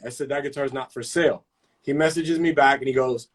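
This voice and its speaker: A man's voice: a little high, brisk. A man hosting a casual live-stream chat, telling stories in heavy slang with constant swearing. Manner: profane, animated storytelling with slang.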